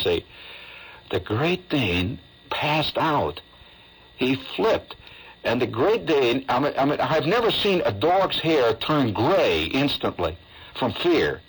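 A man's voice: medium pitch, slightly rough, low-quality recording. A man, hosting a radio show and telling a long comic story in a chatty, rambling way with amused asides.

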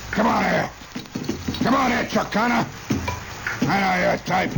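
A man voicing a loud, gruff old-West bully who taunts in a rough drawl. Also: sits high, a little slow, very noisy, pitched above the performer's own voice, exaggerated voice. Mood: taunting.

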